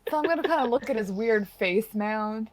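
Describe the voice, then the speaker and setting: A woman's voice: on the high side, lively intonation, moderate pace. A woman player in a tabletop game, playful and full of questions. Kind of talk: casual tabletop play.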